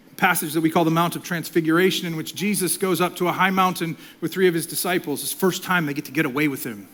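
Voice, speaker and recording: A middle-aged male pastor preaching a sermon, swinging from loud, impassioned lines to hushed whispers. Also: high voice.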